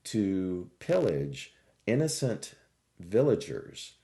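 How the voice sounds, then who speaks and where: A man voicing God as a calm, solemn male figure who explains a hidden purpose. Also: deep voice, slow pace, creaky, exaggerated voice.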